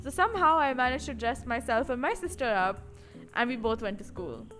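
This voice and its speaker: A woman with a slightly high voice chats loosely on a live stream. She wanders from thought to thought, leaning on filler words. Soft music hums faintly underneath. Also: big pitch swings, a little fast. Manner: rambling, chatty, full of "like" fillers. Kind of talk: casual live-stream chat.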